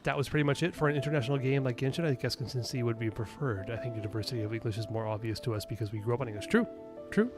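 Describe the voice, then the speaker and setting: A chatty man talks casually over his game, rambling from thought to thought and answering viewers as he plays. His pitch sits in an ordinary middle range. Soft game music plays faintly underneath. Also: fairly even intonation, very fast. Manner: rambling, chatty, thinks aloud and answers chat. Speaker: gaming streamer. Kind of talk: casual gaming commentary.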